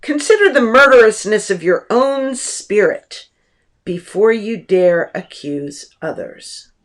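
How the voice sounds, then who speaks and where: A woman teacher giving a lecture on a book, explaining slowly and deliberately with pauses, recorded at home. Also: a little high.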